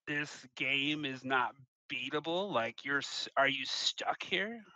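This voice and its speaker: A man's voice: medium pitch, takes it slowly, bright, forceful tone, no room sound, poor audio. A man playing in a tabletop game, eager and playful. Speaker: player. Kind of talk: casual tabletop play.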